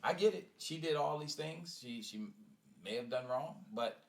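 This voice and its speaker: A middle-aged man, a veteran guest on a podcast, telling personal stories in a relaxed, affirming way. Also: a little high, normal speed, creaky. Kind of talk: casual conversational podcast.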